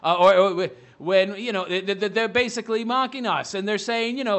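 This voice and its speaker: A man's voice: high voice, steady tone, normal speed, hardly any pauses, fairly bright tone. A man giving a profane, sarcastic rant as a commentary vlogger, mocking the person he is reacting to.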